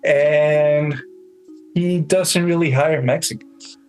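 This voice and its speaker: A laid-back podcast co-host tossing out deadpan jokes in a relaxed conversation. Music plays clearly behind his voice. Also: a little high, slow pace. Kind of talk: casual comedic podcast chat.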